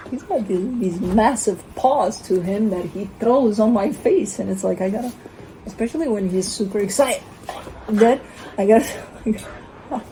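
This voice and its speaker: A woman's voice: medium pitch, normal speed, mellow, a little hiss or hum, poor audio. A woman host chatting casually on her vlog, slipping into playful sing-song baby talk with her dog. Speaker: tarot reader and channel host.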